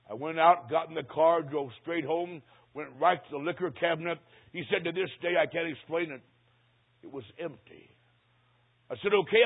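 Older male preacher, dramatic sermon storyteller, high husky voice, tinny lo-fi sound. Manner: dramatic storyteller, slows for emphasis. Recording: tinny phone-like recording.

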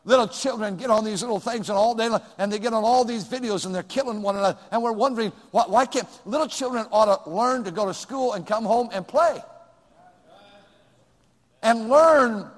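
An older man preaching a folksy sermon, swinging between loud outbursts and quiet asides. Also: high voice, fast talker, hardly any pauses, long reverb tail. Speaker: pastor.

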